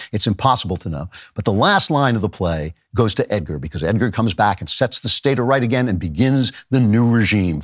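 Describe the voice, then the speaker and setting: A man hosting his own podcast, lecturing earnestly on a play and slowing to recite verse with feeling. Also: on the low side, breathy edge, dry recording, clean studio sound. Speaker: podcast host. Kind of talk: lecturing commentary.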